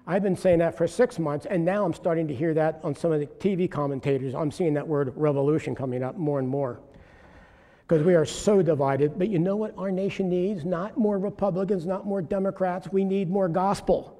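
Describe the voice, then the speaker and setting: A man's voice: high voice, steady tone, moderate pace, warm tone, big-room sound. A man preaching a sermon, telling a story about sharing his faith and then urging listeners on with rising fervor. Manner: earnest storytelling, rising to exhortation. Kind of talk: sermon testimony.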